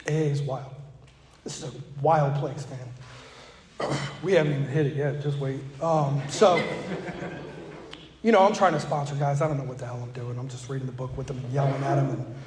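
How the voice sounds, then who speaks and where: A man's voice: medium pitch, steady tone, normal speed, long pauses, a little mellow. A man telling his recovery story to a meeting in a casual, joking way, acting out the voices of other people. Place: meeting room with an audience. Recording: echoey hall with faint ambience.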